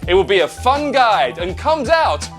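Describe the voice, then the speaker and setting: A man's voice: sing-song, a little slow, a bit bright, faint music behind, exaggerated voice. A man putting on a Canadian accent to play a punning male mushroom supplement salesman in a comedy advert sketch. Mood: cheesy, upbeat. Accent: put-on Canadian. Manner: corny puns, sing-song sales pitch.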